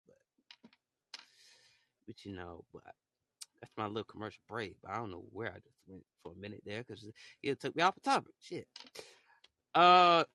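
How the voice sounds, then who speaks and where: Animated, rambling young-sounding man. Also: lowish voice, no room sound. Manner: rambling, slangy, full of fillers and restarts. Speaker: live audio room host. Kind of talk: casual live-stream chat.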